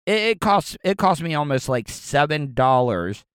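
A man's voice: a little high, sing-song, normal speed, a bit bright, clear, resonant tone, no echo, clean studio sound. A young man ranting casually with lots of profanity, often stumbling and repeating words as he reacts to news clips. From Florida, US.

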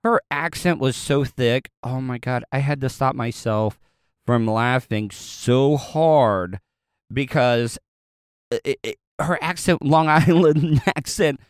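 A man with a Southern US accent spins a loose, casual story straight to his audience. His voice is smooth and clear, recorded dry and close with no room sound. He rambles, backtracks and chuckles as he goes. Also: medium pitch, takes it slowly, dry recording. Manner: rambling, with frequent fillers, restarts and chuckles.

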